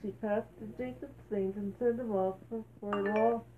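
A woman reading a bible story aloud, halting and correcting herself as she goes. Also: mid-range voice, steady tone. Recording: tinny phone-like sound, faint hiss.

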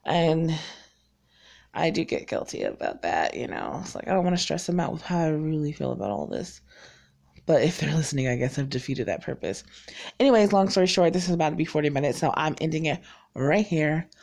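A woman's voice: sits low, animated, fast, a little mellow. A woman around forty from North Carolina, raised in Virginia, chatting casually and frankly to her viewers, rambling and laughing often. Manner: frank and self-deprecating. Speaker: vlogger.

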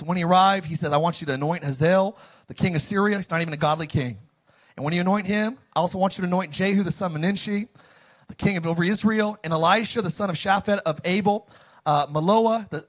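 A pastor delivers an animated sermon in a high-pitched voice, moving between loud outbursts and quiet passages while urging the congregation to respond.

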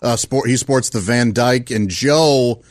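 A man's voice: mid-range voice, unhurried. A man who is a musician guest on a radio show, chatting easily and laughing often. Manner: laughing, easygoing. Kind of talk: casual radio banter.

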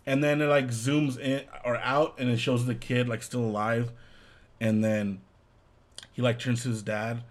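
A male co-host in relaxed conversation, with a mid-range voice. He drops dry jokes and fills in details of the scenes as his partner talks. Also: mid-range voice, a little slow. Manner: relaxed, joking, chimes in with quips. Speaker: podcast co-host. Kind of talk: casual chat recapping a film.

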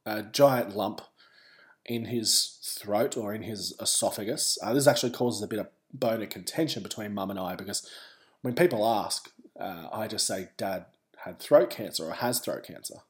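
A man's voice: on the low side, moderate pace. A man with an Australian accent, a podcast host telling a personal story in a candid, wry way with wandering asides.

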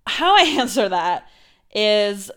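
Clear-voiced young woman telling a story. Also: mid-range voice, very animated, slow pace, a bit bright. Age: 20s. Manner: candid, swears often, laughs through her story. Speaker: podcast host. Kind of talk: storytelling on a podcast.

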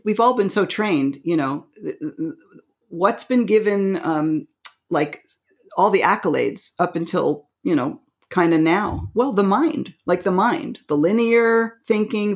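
A woman co-hosting a spiritual podcast, excitable and animated, who acts out little voices and laughs often. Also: medium pitch. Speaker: podcast co-host.

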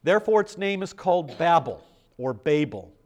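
A man's voice: fairly high pitch, very animated, normal speed. An older American man preaching a sermon in a conversational way, asking the congregation questions. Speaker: pastor.

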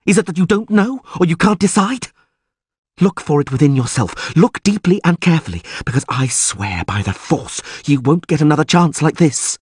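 A man's voice: a little high, lively intonation, moderate pace, darkish tone, breathy edge, no room sound, studio quality, voice pushed up. A man voicing a cold, hissing sorceress. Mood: tempting. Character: cold commanding sorceress woman, tempting.

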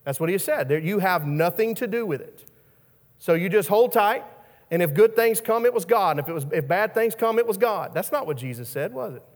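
Brief: male preacher with a high voice, conversational sermon, stumbles and repeats, long hall echo. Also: expressive, brisk. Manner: repeats words as he restarts, asks the listeners questions.

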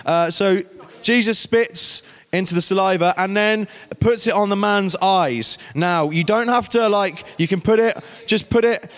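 Guy doing a youth talk, playful, bossing volunteers around, high voice, big hall echo. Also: unhurried, fairly bright tone. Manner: playful, directs volunteers on stage. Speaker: guest youth speaker.

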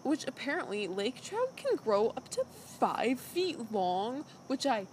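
A woman's voice: fairly high pitch, big pitch swings, unhurried, a little mellow, slight background noise, poor audio. A woman co-hosting a podcast in casual chat, recapping a show as a chatty storyteller full of "like" fillers. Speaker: podcast co-host.

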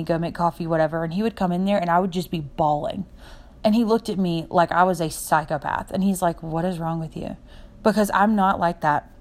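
A woman's voice: mid-range voice, a little mellow. A young adult woman hosting a podcast, talking without a script in a heartfelt, rambling way and jumping from point to point. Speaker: podcast host. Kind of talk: unscripted personal podcast monologue.

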